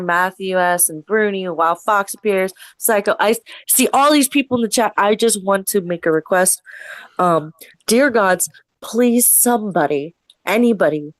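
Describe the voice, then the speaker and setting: A woman co-hosting a podcast, excitably reading viewers' chat messages in casual banter. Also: medium pitch, dry recording.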